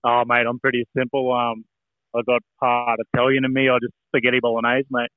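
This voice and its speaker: A man's voice: mid-range voice, monotone, a little fast, no room sound. A man from New Zealand co-hosting a casual sports podcast, chatty and blunt. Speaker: podcast co-host. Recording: dry, tinny phone-like line.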